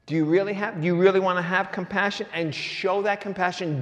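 Male preacher, slightly high voice, punchy rhetorical questions, big echoing sanctuary. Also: steady tone, fairly quick. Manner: swings between loud and hushed delivery. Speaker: pastor. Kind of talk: sermon. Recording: long reverb of a large hall.

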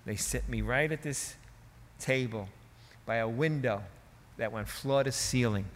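A man's voice: mid-range voice, a little slow, in a large hall. A male preacher telling a story in a sermon, in a conversational, folksy way with asides.

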